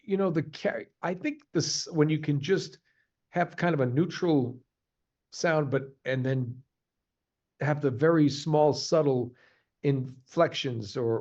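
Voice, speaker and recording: Animated man, slightly muffled lo-fi audio. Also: medium pitch. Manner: animated, halting, jumps to quick voice demos. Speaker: voice actor guest. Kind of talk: casual interview chat.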